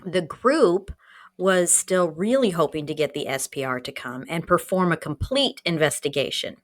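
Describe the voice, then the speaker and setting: A woman's voice: fairly low pitch, lively intonation, normal speed. A woman co-hosting a podcast, reading a story aloud in casual chat, giggly and self-mocking. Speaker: podcast co-host.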